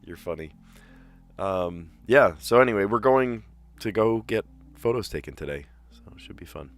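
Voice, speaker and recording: A man streaming a puzzle game, chatting casually and thinking aloud with fillers, clearing his throat now and then. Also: fairly low pitch, animated, normal speed. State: slight cough, clearing throat. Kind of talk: casual live-stream chat while solving puzzles.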